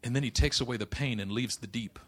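A man preaching a sermon, impassioned, moving between hushed passages and loud declarations, with folksy humorous asides. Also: medium pitch, fast talker, slightly rough. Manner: impassioned, swings from hushed to loud, quotes scripture.

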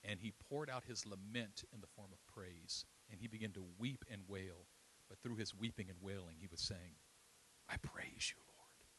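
A middle-aged man preaching a sermon, swinging between loud, soaring passages and quiet, hushed storytelling. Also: on the low side, moderate pace, hardly any pauses, a little hiss or hum, poor audio.

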